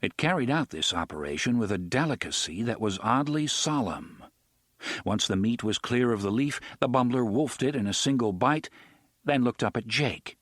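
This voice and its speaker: In a dry, studio-quality recording, a man with a mid-range voice reads an audiobook at a steady, measured pace.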